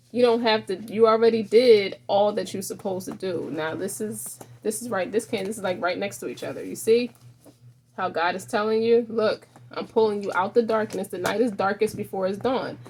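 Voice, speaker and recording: A woman talks the viewer through a tarot spread in a loose, conversational way. She rambles, repeats herself and restarts sentences as she goes. Her voice sits at an ordinary pitch. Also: a little hiss or hum. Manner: rambling, frequent restarts, addresses viewer directly. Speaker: tarot reader. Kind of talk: casual tarot reading.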